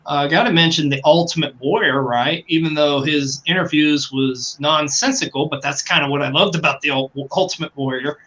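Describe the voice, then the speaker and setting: A man's voice: a little high, moderate pace, few pauses, pushed and bright, highs cut off. A man co-hosting a podcast, chatting casually and enthusiastically, rambling with fillers and swearing now and then. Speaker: podcast co-host. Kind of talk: casual chat.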